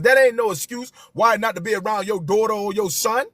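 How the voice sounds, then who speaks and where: A man's voice: high voice, fairly quick, fairly bright tone, dry recording. A man, hosting a live stream and talking to viewers with passion, repeating his key phrases for emphasis.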